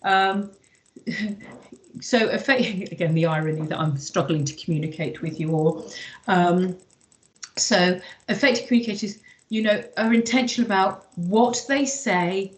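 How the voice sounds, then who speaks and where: A woman's voice: mid-range voice, measured pace, poor audio. A woman leading an online workshop, chatty and emphatic, with lots of "you know" fillers. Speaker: workshop trainer.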